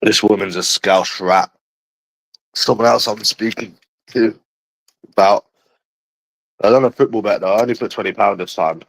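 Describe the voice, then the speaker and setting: A man's voice: on the low side, fairly even intonation, moderate pace, gravelly, long pauses, poor audio. A man in a profane, rambling livestream chat, calling his viewers bro and mate.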